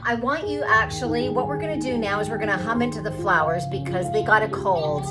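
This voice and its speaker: A middle-aged woman leading a live spiritual workshop session, coaxing and enthusiastic, with music playing behind her. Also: medium pitch. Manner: exuberant, coaxing, breaks into loud hoots. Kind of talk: live-streamed guided session.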